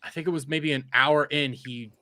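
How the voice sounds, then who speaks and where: A man hosting a casual panel chat, swearing freely and animated. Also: on the high side, moderate pace, no room sound. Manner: animated, swears a lot, mimics people mockingly.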